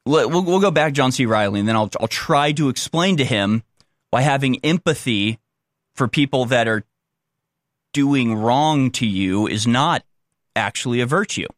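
A man talks straight through his opinion commentary, blunt and combative and quick to scorn. His voice sits at an ordinary middle pitch. The recording is close and dry, with no room sound. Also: lively intonation, no echo. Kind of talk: opinion commentary reacting to a clip.

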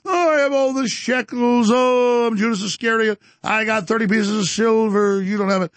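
A man's voice: very high-pitched, steady tone, normal speed, no room sound, voice pushed up. A man mimicking a sneering, gloating younger male rival in a mocking, cackling tone.

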